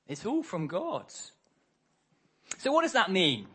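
Guy preaching, tells stories, voice jumps all over, kinda highish. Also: slow pace, husky. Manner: lively storytelling, acts out characters' lines. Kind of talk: harvest sermon with storytelling.

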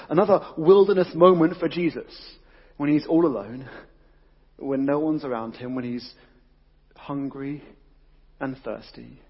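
Brief: man, youth preacher, husky and fairly high voice, lively slangy delivery, dull recording in a big echoing hall. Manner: excitable, exclamatory, casual slang. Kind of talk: energetic sermon.

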